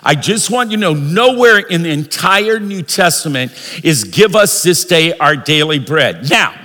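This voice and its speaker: A man preaching a sermon as pastor, leading the congregation in call-and-response and rising into shouts. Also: a little high, expressive, unhurried. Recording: long reverb of a large hall.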